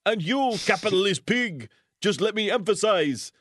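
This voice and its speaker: A blustering Soviet bully with a hammy fake Russian accent, as a man puts him on. The voice sits high and leaps around in pitch. The sound is dry and close. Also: expressive, moderate pace, fairly bright tone, no echo. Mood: menacing, smug. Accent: mock Russian. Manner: theatrical mock-menacing reading. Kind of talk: comedic dramatic reading.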